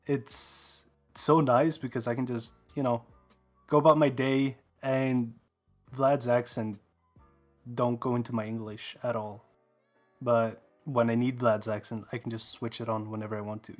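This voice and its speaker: A man's voice: mid-range voice, fairly even intonation, measured pace. A man whose voice runs through a voice changer, chatting easygoingly as an interview guest on a call. He is a Swedish native speaker from Sweden and talks in English. Faint music sits in the background. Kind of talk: casual interview chat.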